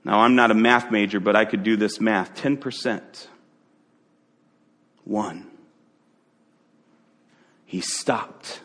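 A man preaching a sermon, telling a Bible story vividly with dramatic pauses. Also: on the low side, a bit bright, big-room sound.

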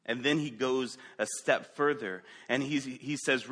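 Slow, bright-voiced man preaching. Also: medium pitch, breathy edge. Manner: dynamic preaching, rising loud then dropping to quiet; asks the listeners direct questions. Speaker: pastor. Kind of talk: sermon.

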